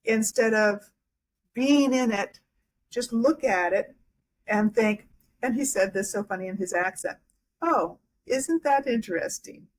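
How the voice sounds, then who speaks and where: Female guest, hypnotherapist, mid-pitch, reflective and halting. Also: poor audio. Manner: reflective, halting with many restarts and fillers. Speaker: guest hypnotherapist and life coach. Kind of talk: casual interview talk.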